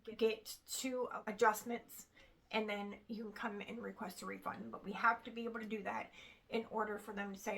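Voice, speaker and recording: A woman in her thirties vlogs a frustrated personal story to the camera, acting out what people said to her along the way. Her mid-range voice stays level and moves at a moderate pace, sounding creaky, bright and forceful. This casual storytime clip is a low-quality recording.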